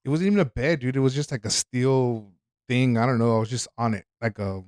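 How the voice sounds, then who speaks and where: A man's voice: mid-range voice, fairly quick, a little mellow, no room sound, clean studio sound. A man from Houston, a podcast guest, tells a story in casual chat, rambling with fillers, restarts and plenty of swearing. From Houston, Texas.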